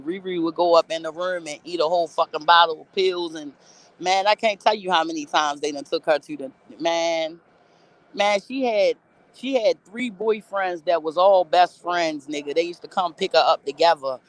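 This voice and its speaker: A blunt woman speaks in a candid storytelling monologue. She curses freely and stresses her points hard. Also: lowish voice. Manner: blunt, profane, emphatic. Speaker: rapper telling her life story.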